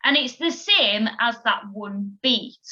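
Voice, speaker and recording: A woman gives a children's music lesson on video at an unhurried pace. Her voice is bright and fairly high, patient and encouraging as she counts the class in. The recording sounds slightly dull and lo-fi. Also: expressive. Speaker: primary school music teacher.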